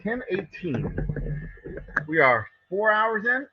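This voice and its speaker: A man with a fairly high, slightly husky voice chats on a live stream from his distillery workshop while he works. He rambles with wry, self-mocking humor and swears freely. The sound is a little dull and lo-fi. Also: animated, normal speed. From Texas. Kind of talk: casual live-stream chat while working.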